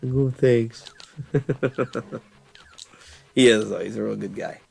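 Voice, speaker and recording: Gravelly man rambling over gameplay. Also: medium pitch, slow pace, faint music behind. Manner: rambling, laughing, profane storytelling. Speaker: gaming channel host. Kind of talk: casual gameplay commentary.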